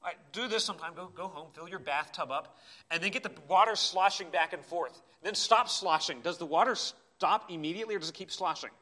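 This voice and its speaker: A man preaching a sermon in a church, impassioned, swinging between urgent cries and quiet asides. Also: high voice, brisk. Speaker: pastor.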